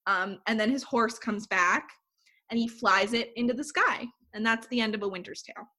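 A woman's voice: on the high side, normal speed. Woman animatedly retelling a movie plot. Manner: animated storyteller, heavy use of "like". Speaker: podcast co-host.

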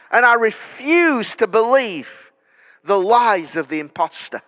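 Casting: high, bright-voiced preacher, slow storytelling rising to declarations, church hall reverb. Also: male voice, big pitch swings. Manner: storytelling that builds to loud declarations. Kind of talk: sermon.

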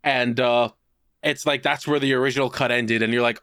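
A man co-hosting a podcast, telling a long story in casual chat. He is animated and profane, and he slips into put-on voices to act out quotes. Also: medium pitch, fairly quick, clear, resonant tone, no room sound, clean studio sound. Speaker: podcast co-host.

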